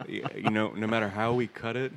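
A man's voice: on the low side, vocal fry, slight background noise. A young adult man co-hosting a podcast, joking, laughing often and talking casually into a studio mic. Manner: laughs often, jokey and animated. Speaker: podcast co-host. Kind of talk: casual chat.

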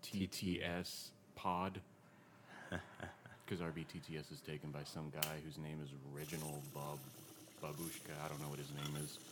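A man's voice: rumbling low, little pitch movement, moderate pace, noisy background. A man hosting a casual podcast, cracking jokes and teasing his guest. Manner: joking, teasing interjections. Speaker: podcast host. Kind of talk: casual chat.

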